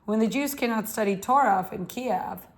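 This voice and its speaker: A woman's voice: a little high, moderate pace, lightly acted. A woman reading aloud from a novel, voicing an elderly bearded male school official who speaks with stern concern and earnest pleading.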